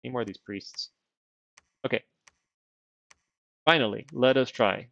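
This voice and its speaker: A rambling man streams a strategy game and thinks out loud, poking fun at himself as he goes. His voice is gravelly and his speech slightly affected by dental retainers. The mic sounds dry and a little dull. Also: medium pitch, measured pace, no echo. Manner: rambling, self-deprecating, thinks aloud. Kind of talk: casual game livestream chat.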